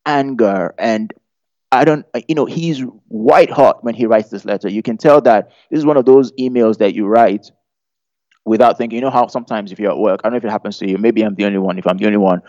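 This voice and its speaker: Mellow-voiced preacher, chatty and humorous. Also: male voice, lowish voice, fast, no echo. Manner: humorous, chatty, asks the audience questions. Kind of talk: conversational sermon. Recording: dull lo-fi sound.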